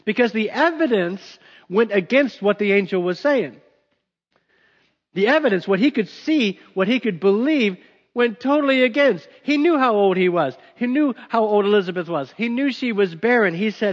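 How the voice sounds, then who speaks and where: A man's voice: high voice, expressive, normal speed. A male pastor preaching a sermon in an emphatic, conversational way, recorded dull with long hall reverb.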